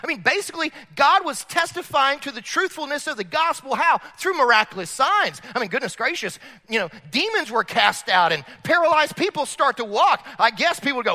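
Male pastor, bright and animated sermon delivery in a big echoing sanctuary. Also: extremely high pitch, fairly quick, few pauses. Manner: animated preaching, rises and drops in volume. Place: church sanctuary.

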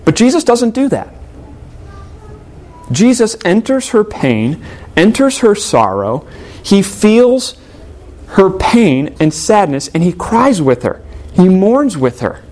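A man's voice: sits high, sing-song, unhurried, darkish tone. Earnest male pastor preaching a sermon. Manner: earnest preaching, reads scripture aloud, rhetorical questions.

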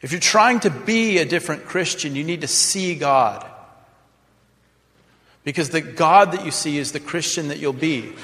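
A pastor preaching in a reverberant hall. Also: male voice, a little high, lively intonation, moderate pace, pushed and bright. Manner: dramatic, acts out prayers in mock voices. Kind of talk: sermon.

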